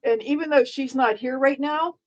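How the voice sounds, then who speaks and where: A woman's voice: high-pitched, moderate pace, lo-fi sound. A middle-aged woman streaming live, chatting casually in a dry, sarcastic, rambling way with frequent restarts.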